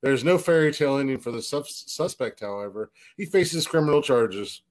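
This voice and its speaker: A man's voice: mid-range voice, expressive, normal speed. A man hosting a comedy podcast, reading odd news headlines and riffing with swearing and laughter. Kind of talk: casual comedy chat.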